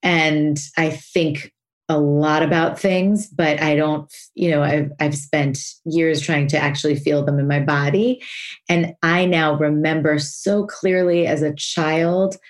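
A woman's voice: low-pitched, steady tone, slow. A woman podcast host talking candidly and reflectively about her own feelings, laughing easily. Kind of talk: podcast interview, personal reflection.

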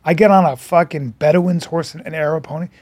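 Guy w a pretty high voice rambling thru a story on a podcast, swears a lot, laughs at himself. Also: steady tone, a little fast, a little mellow, slightly rough. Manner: rambling storyteller, profane and self-mocking. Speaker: podcast co-host. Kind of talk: casual chat. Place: podcast studio.

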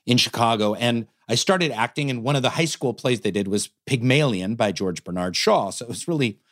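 A man's voice: medium pitch, brisk. A man actor telling stories with animation. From United States. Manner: animated, self-amused anecdote telling. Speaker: co-host, actor. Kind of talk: casual podcast chat, storytelling.

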